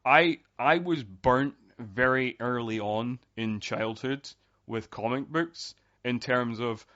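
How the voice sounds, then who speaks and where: A man around forty co-hosting a casual podcast about a movie, rambling through fillers and restarts and growing animated. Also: medium pitch, slow. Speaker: podcast co-host. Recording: dull lo-fi podcast audio.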